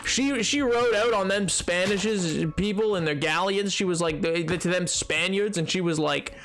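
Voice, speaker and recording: A man's voice: high voice, moderate pace, fairly bright tone, slight background noise. A man streaming a game, chatting casually with his viewers in a rambling, jokey way that keeps tripping over its own words. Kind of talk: casual live-stream chat.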